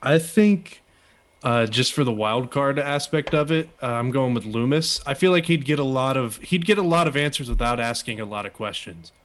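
A man co-hosting a casual podcast chat, playful and quick to chuckle as he poses questions. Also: medium pitch, expressive. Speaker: podcast co-host.

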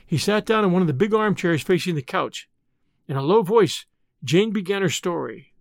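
A man narrating a novel in an expressive storytelling manner. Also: sits high, normal speed, gravelly, dry recording, clean studio sound. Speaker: audiobook narrator. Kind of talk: scripted narration.

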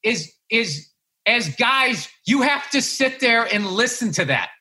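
A man's voice: very high-pitched, sing-song, takes it slowly, pushed and bright. A middle-aged man, a guest comedian on a casual podcast, ranting and telling stories in a worked-up way.

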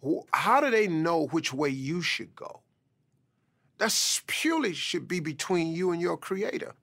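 A man, a comedian, telling a motivational personal story in animated, colloquial speech. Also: fairly high pitch, unhurried, vocal fry. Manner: animated, conversational with colloquial phrasing.

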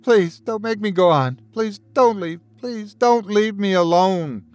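A man playing a panicked grieving young man, pleading and clinging, pitched up and raised, horror story reading. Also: lively intonation, moderate pace, no room sound.

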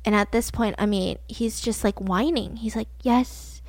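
A woman's voice: mid-range voice, fairly even intonation, normal speed, no room sound. A woman co-hosting a podcast, telling a true-crime story casually, filler-heavy and acting out the quotes. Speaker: podcast co-host.

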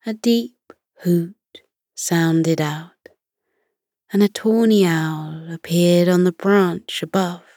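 A woman narrating a soothing bedtime story in a soft, hushed voice that often slips into a whisper. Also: low voice, no echo, clean studio sound.

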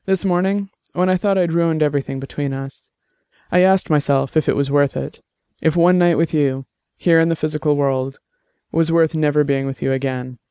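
Guy doing a sly middle-aged lady in an audiobook, teasing and forgiving, mellow smooth tone. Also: fairly high pitch, fairly even intonation, normal speed, dry recording, clean studio sound, natural voice. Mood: serious. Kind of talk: audiobook drama reading.

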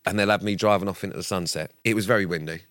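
Male podcast co-host, teasing and mock-serious, low and dry. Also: racing, a bit bright, no room sound. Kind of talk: casual chat.

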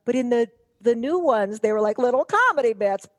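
A woman's voice: fairly high pitch, animated, a little fast. A woman guest in casual chat, telling rambling stories and teasing the hosts playfully.

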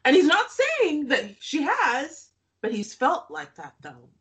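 Lively, laughing woman podcast host. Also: high voice, slow pace. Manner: laughs often, sarcastic asides. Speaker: podcast co-host recapping a reality show. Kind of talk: casual chat.

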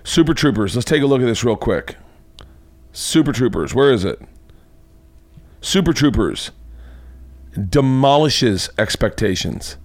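A man with a mid-pitched voice hosts a comedy podcast, telling stories as a casual, profane monologue. When he gets carried away, his voice climbs sharply and gets more animated, then drops back to an easy conversational tone. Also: measured pace, long pauses, no echo. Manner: animated storytelling, swears freely, voice jumps higher when excited. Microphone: podcast mic.

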